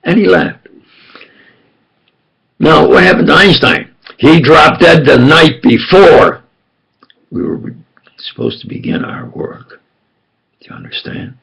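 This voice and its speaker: Old new york guy, super gravelly raspy voice, slow and insistent, swings up and down a lot. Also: on the high side, sing-song, a bit bright. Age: older. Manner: slow, insistent, conspiratorial storytelling. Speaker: self-styled preacher and storyteller. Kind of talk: rambling personal monologue.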